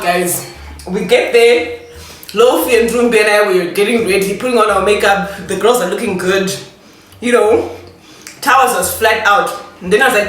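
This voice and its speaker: A woman's voice: mid-range voice, a bit bright. Young woman, casual storytime vlogger, laughs a lot; distant mic, echoey room. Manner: chatty, laughing, talks while eating.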